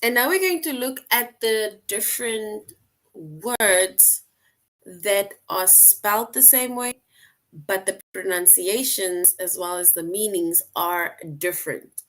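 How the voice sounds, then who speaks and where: A woman teacher explaining a lesson slowly, repeating points and checking in with "right?" often. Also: medium pitch, fairly bright tone. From outside the US. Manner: slow, repetitive explaining, frequent "right?" check-ins. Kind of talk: online class lesson.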